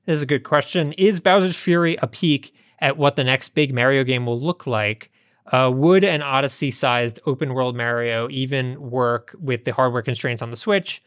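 A man co-hosting a podcast, reading listener questions and telling anecdotes in a relaxed, chatty way. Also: mid-range voice, moderate pace, clear, resonant tone, no room sound, studio quality. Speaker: podcast co-host. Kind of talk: casual chat and anecdotes.

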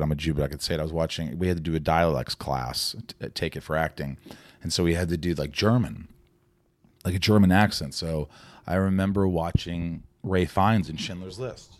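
A man chatting as a podcast guest, telling animated stories. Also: deep voice, no echo. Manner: animated storyteller who slips into celebrity impressions. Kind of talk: casual chat with impressions.

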